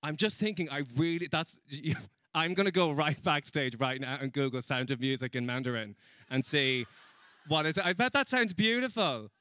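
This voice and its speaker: A man doing stand-up comedy before a live audience, chatting with the crowd in a self-mocking, quick way. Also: fairly high pitch, sharp tone, dry recording, clean studio sound. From Ireland.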